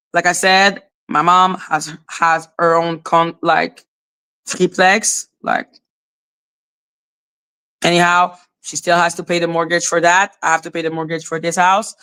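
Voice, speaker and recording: A woman's voice: lowish voice, sharp tone, clear, resonant tone. Exasperated woman ranting, a native French speaker. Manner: exasperated, profane, repetitive, lecturing. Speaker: live streamer. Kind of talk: heated casual rant.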